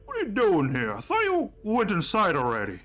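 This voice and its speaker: A man voicing a suspicious male Goliath guard who barks his questions in rough speech. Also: sits high, wildly swooping pitch, fairly quick, bright, forceful tone, voice pushed up, full character voice.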